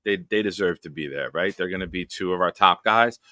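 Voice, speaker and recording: A man's voice: low-pitched, fairly quick, bright, forceful tone, no echo, clean studio sound. A man hosting a live stream, chatting casually and greeting viewers by name in an upbeat, rambling way.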